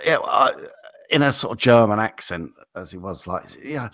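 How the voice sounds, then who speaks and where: An English man with a lively, swooping delivery rambles through a story on a casual talk show. His pitch sits mid-range, and he jumps around and restarts as he goes. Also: brisk. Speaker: co-host. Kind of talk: casual podcast banter.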